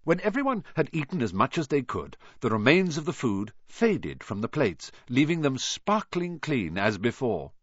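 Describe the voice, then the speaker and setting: A man narrating a storybook in an expressive reading style. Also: medium pitch, normal speed, few pauses, slightly rough, no echo, highs cut off. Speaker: audiobook narrator. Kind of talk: scripted narration.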